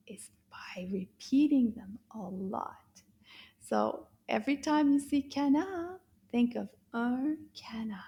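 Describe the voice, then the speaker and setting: Female teacher for small kids, middle-aged, dark mellow tone, breathy, theatrical gasps and half-whispered lines. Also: on the high side. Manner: exaggerated, gasping, often half-whispered. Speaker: French teacher for children. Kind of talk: children's language lesson.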